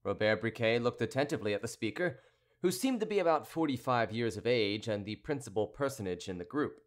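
A man narrating a classic novel as an audiobook, with an expressive, clear reading. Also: mid-range voice, brisk. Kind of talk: scripted narration.

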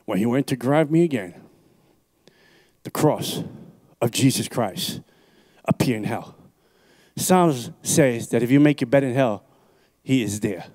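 A man's voice: mid-range voice, expressive, unhurried, pauses often, darkish tone. A man from New York City, an evangelist preaching his personal testimony into a handheld microphone at a church service, intense and emphatic, repeating his phrases.

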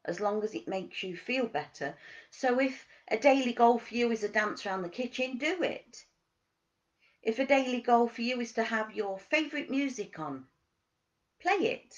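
A woman giving a motivational wellness talk as a coach, asking gentle questions and stressing key words. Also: on the high side, animated, unhurried, dull audio.

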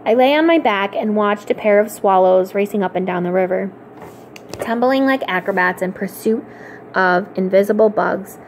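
A woman reading a children's novel aloud for a library storytime, in an expressive, clear storytelling manner. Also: medium pitch, normal speed, slight background noise.

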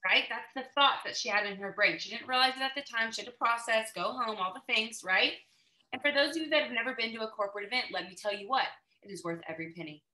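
A bright, forceful woman talks to her team over a video call. She keeps the energy high and checks in with "right?" after every few lines. The sound is echoey, as if she is in a bare room. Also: expressive, fairly quick. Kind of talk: motivational call talk.

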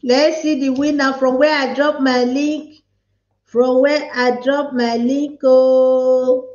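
A playful Nigerian woman hosts a live stream, chatting loosely and reading comments aloud. Her voice sits high and she talks at an unhurried pace. The sound is echoey and a little dull. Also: level tone, a little mellow. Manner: playful, chatty, mixes pidgin with English. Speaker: livestream host.

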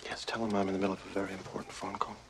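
An actor playing a brisk, guarded wealthy businessman in film dialogue. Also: deep voice, monotone, gravelly, heavy background noise. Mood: curt.

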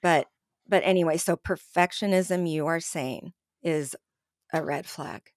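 Earnest, soft-spoken female podcast host. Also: deep voice, measured pace, faint music behind. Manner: reflective, earnest, restarts often. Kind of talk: conversational podcast interview.

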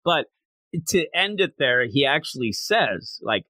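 A man co-hosting a podcast, chatting casually and excitedly as he reviews a manga chapter and acts out lines from it. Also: mid-range voice, unhurried, no room sound. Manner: animated, excitable storyteller acting out quotes. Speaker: podcast co-host.

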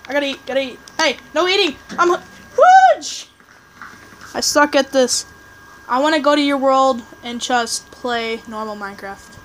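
A woman chatting through a game session as commentator, rambling and excitable, tossing jabs at other players. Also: high voice, moderate pace, slight background noise, low-quality recording. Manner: rambling, excitable, trash-talking teammates; restarts and fillers, chatty. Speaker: gameplay commentator. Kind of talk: casual live game commentary.

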